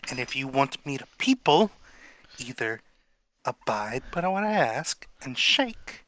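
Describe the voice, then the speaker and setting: A man's voice: medium pitch, sing-song. A man doing a flamboyant old seer. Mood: theatrical. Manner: theatrical, drawn-out, dropping to a hush. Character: flamboyant eccentric old male seer, theatrical and sly.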